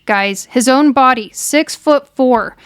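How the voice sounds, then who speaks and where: A woman's voice: high voice, takes it slowly, clear, resonant tone, no room sound, clean studio sound. A woman telling a true crime case in a conversational, emphatic way, often speaking straight to her viewers. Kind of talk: true crime storytelling to camera.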